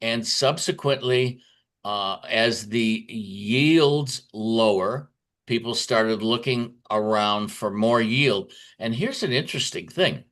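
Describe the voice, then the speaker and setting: A man's voice: mid-range voice, takes it slowly, a bit bright. A man giving a conference talk on markets, telling stories in a chatty way with frequent fillers and restarts. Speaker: market commentator.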